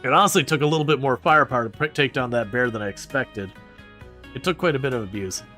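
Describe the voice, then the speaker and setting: Rambling, animated male game streamer. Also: mid-range voice, quick pace, soft background music. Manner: rambling, animated, frequent restarts. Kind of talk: casual gameplay commentary answering chat.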